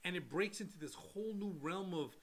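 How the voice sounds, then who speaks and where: A man co-hosting a casual podcast, talking in an animated way, acting out quotes in voices and laughing often. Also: sits high, fairly quick. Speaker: podcast co-host. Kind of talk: casual chat.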